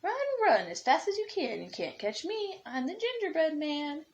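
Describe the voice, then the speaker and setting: A woman voicing a cocky runaway gingerbread man in a high, taunting sing-song on a dull lo-fi recording. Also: big pitch swings, a little fast, slight background noise.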